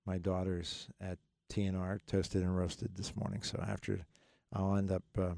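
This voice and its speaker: A man's voice: low-pitched, monotone, moderate pace, vocal fry, mellow, no room sound, studio quality. A middle-aged man hosting a call-in radio show about money, talking in a rambling, joking way with many fillers and restarts. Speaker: radio finance show host. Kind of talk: casual call-in radio talk.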